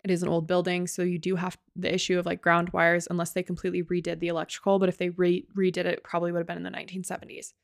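Woman, podcast co-host, slightly low voice, loose chatty retelling, dry close sound. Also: completely flat delivery, rapid-fire, creaky, few pauses, no echo. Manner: loose, sweary storytelling with many likes. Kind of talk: casual chat recapping a ghost-hunting show.

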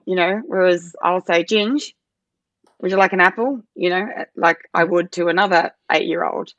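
A woman's voice: fairly low pitch, no echo. A woman in her thirties, a guest on an interview podcast, explaining things earnestly with many "you know"s and "I suppose"s. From Australia. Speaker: podcast guest, parent advocate. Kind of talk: casual interview talk.

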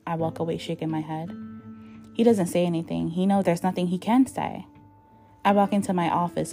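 A woman's voice: lowish voice, fairly even intonation, a little fast, warm tone, soft background music. A woman narrating a first-person story, reading heated dialogue with emotion.

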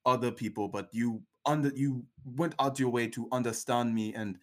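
A man's voice: mid-range voice, fairly even intonation, moderate pace, close to an everyday voice. A man voicing a male zoo monkey who talks in broken, clipped street grammar. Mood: earnest. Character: gruff male zoo monkey, touchy then grateful.

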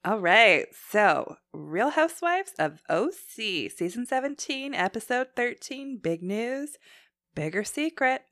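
A woman's voice: a little high, takes it slowly, dry recording. Chatty woman recapping reality TV. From Canada. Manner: animated, acts out quotes loudly. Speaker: podcast co-host. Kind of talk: casual recap chat.

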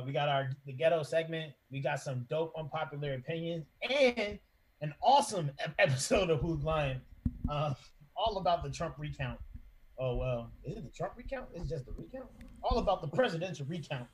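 A man's voice: a little high, animated, normal speed, slight background noise, low-quality recording. A man hosting a podcast, laid-back and slangy, with lots of ums and uhs. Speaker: podcast host. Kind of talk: casual podcast chat.

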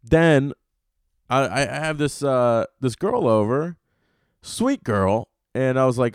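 A man's voice: mid-range voice, expressive, takes it slowly, smooth, dry recording, studio quality. A young man hosting a comedy podcast solo, ranting and telling stories in a loose, profane, rambling way. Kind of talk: casual solo podcast rant.

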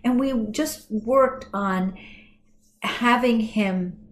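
Unhurried woman voice coach, animated storyteller, podcast chat, faint noise behind. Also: a little high. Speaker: voice and communication coach. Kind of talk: casual podcast conversation.

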